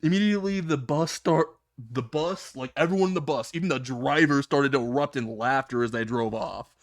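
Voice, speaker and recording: A man's voice: mid-range voice, normal speed. A man telling a comedic fan-fiction story in a casual way, laughing at his own jokes and swearing freely.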